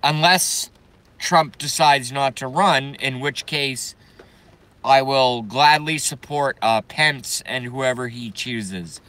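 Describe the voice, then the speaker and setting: A man's voice: medium pitch, takes it slowly, bright, forceful tone. A middle-aged man live streaming, rambling brashly in a crude, stop-start way to his chat. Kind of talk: casual live-stream rant.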